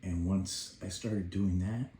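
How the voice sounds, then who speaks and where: A father tells a personal story in a lowish, mellow voice. He grows animated as he acts out his own past shouts, then turns reflective. The room around him is echoey. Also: slow.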